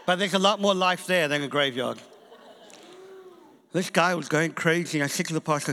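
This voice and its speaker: A man's voice: fairly high pitch, normal speed, long pauses. A man preaching a sermon in a church, telling a story and acting out the people in it. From England and South Africa. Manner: animated storytelling preacher, acts out quotes. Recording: church hall reverb.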